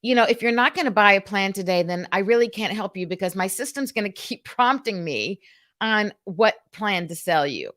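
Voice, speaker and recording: A woman quoting a pushy, slow sales agent. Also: medium pitch, close to an everyday voice. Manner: slow, flat salesman patter.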